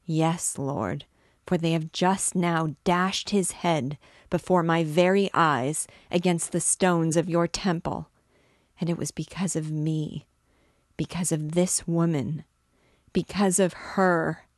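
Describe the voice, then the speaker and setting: A woman's voice: low voice, fairly even intonation, slow, no room sound, clean studio sound. A woman reading aloud, voicing an anguished male priest who pleads with desperate passion. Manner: pleading, impassioned, breaking into whispers.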